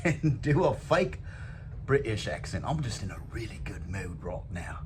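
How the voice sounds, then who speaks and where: A man's voice: lowish voice, sing-song, slow, long pauses. A man hosting his own motivational talk show, upbeat and rambling, poking fun at himself. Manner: upbeat, rambling, self-joking. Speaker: show host. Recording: noisy background.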